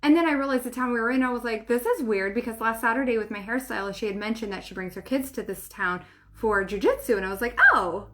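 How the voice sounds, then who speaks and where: A woman's voice: a little high, quick pace, slight background noise. A middle-aged woman, a spiritual coach and podcast host, talking casually to listeners in a rambling way, with many fillers, frequent laughs and casual swearing.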